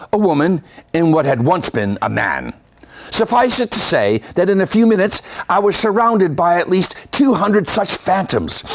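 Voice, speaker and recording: A man voicing a grim male British magistrate in a put-on Cockney accent, reading slowly and dramatically. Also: high voice, full character voice.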